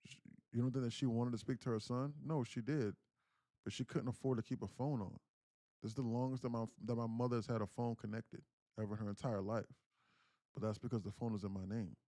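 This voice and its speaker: A man's voice: medium pitch, fairly even intonation, a little fast, mellow, dry recording, clean studio sound. Earnest man telling a personal story. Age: 30s. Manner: earnest, candid, repeats himself while recounting. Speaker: day trading livestream host.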